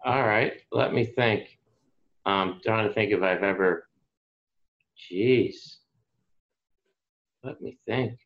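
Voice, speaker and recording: A man from Atlantic Canada, a podcast guest, telling a casual anecdote in a relaxed way. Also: takes it slowly, pauses often. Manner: relaxed anecdotal, raises pitch for quoted voices. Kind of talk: casual storytelling. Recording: dull lo-fi sound.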